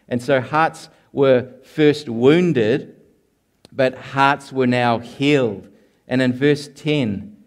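Earnest and measured, this male pastor preaches an expository sermon in a medium-pitched, darkish voice. Key lines get slowed down for emphasis, and he occasionally repeats words when starting a phrase over.

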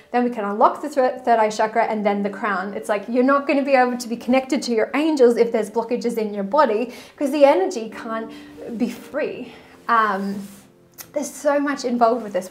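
Effusive woman spiritual coach, higher voice, casual vlog delivery. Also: moderate pace. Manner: animated and effusive, breaks into song.

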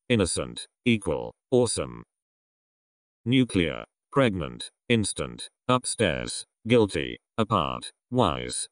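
A man reading a vocabulary list aloud, one word at a time with pauses between words. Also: low voice, no echo, clean studio sound. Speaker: vocabulary reader.

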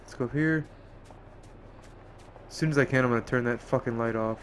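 A man giving profane, excitable running commentary while playing a game, often yelping and exclaiming. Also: mid-range voice, a little fast, slight background noise. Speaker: gameplay streamer. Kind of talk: let's play commentary.

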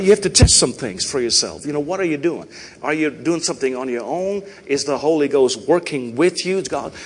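Canadian pastor preaching in a reverberant hall. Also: male voice, fairly high pitch, slight background noise. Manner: conversational preaching, frequent "right?" and "you know". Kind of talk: sermon. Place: church sanctuary.

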